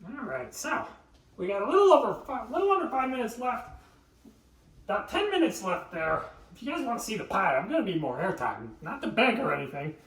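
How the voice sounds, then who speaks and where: A man's voice: high voice, very animated, a little fast, fairly bright tone, distant mic. A man hosting a live cooking stream, chatting and joking with viewers and laughing often. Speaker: livestream cooking host. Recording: echoey room, voice off-mic.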